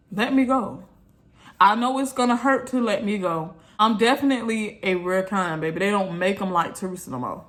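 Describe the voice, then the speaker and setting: A woman's voice: medium pitch, normal speed. A woman vlogger, venting bluntly and repeating herself in an exasperated rant to her viewers.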